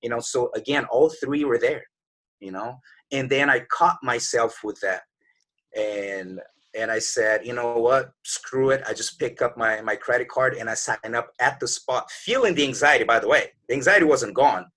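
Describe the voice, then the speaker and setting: A man's voice: medium pitch, normal speed, pushed and bright. A man in his forties, a podcast guest, telling a motivational story in an earnest, conversational way and acting out his own doubting inner voice. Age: 40s.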